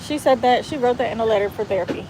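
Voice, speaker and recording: A woman's voice: on the high side, fast. A woman in her thirties talking earnestly and emotionally into a handheld phone, rambling with restarts in a casual vlog. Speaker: vlogger. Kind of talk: casual heartfelt monologue vlog. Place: out and about, walking into a store. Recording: phone recording with loud traffic noise.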